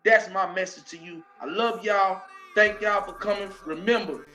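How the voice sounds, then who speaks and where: A Southern American man delivers a motivational monologue as host of his show. His voice sits very high and rings bright and forceful. He talks in a preachy, emphatic way, rising into shouts. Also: moderate pace.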